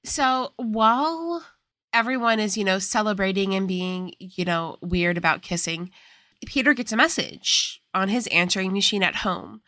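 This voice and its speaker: Bright-voiced woman walking through a plot. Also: mid-range voice, normal speed, dry recording. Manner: explains plot points in a chatty way. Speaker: podcast co-host. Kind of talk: casual chat recapping a movie.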